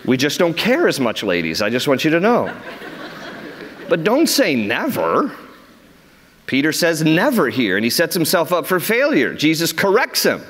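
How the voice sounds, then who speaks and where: Brief: middle-aged American man preaching, lively swooping pitch, a bit high, long church reverb. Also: moderate pace, slight background noise. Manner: animated, acts out quotes in raised voices. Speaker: pastor. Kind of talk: sermon.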